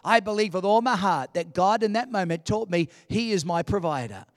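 A man in his sixties preaching a sermon in church, animated and humorous, with emphatic delivery. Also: high voice, brisk, dry recording, clean studio sound. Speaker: pastor.

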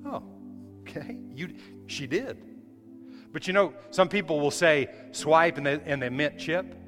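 A man's voice: fairly high pitch, a little slow. A male pastor preaching a sermon in a church, emphatic, often restarting his phrases. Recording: hall reverb with faint music.

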